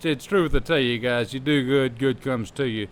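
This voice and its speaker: A man's voice: medium pitch, normal speed, smooth. A man hosting a wrestling podcast, telling long joking stories in casual chat. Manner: rambling, joking storyteller.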